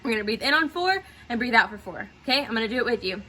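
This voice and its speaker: With a slightly high, pushed, bright voice that races along and swings widely in pitch, a woman guides theatre students through breathing exercises. She's encouraging, often asking "okay?", and there's a little hiss or hum.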